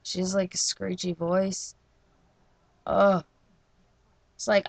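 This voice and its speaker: A woman's voice: mid-range voice, takes it slowly, pauses often, a little hiss or hum. A young woman from New Jersey telling slangy, profane stories in a casual vlog rant. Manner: slangy, profane, animated storytelling.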